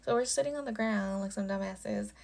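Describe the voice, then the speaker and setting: Brisk and creaky yet a little mellow, this young vlogger's mid-range voice swoops wildly in pitch as she tells a storytime tale. Her delivery is casual and profane, studded with "like" at every turn.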